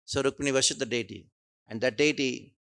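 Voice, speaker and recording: A man giving a devotional lecture in a temple, telling stories animatedly, acting out the characters and often clearing his throat. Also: mid-range voice, fairly quick. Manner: animated, acts out quotes, frequent throat-clearing. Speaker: scripture class teacher. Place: temple hall.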